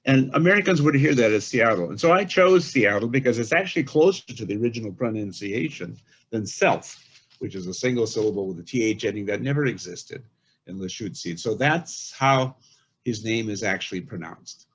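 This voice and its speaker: An older man giving a webinar talk from home, explaining carefully with many pauses and fillers. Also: lowish voice, expressive, slightly rough. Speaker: guest speaker. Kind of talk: webinar lecture. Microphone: home computer mic on a video call. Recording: dull lo-fi call audio.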